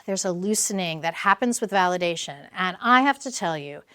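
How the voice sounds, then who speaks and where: A woman in her fifties, a clinical social worker giving a public talk, animated and laughing often as she acts out dialogues. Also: lowish voice, normal speed, clean tone.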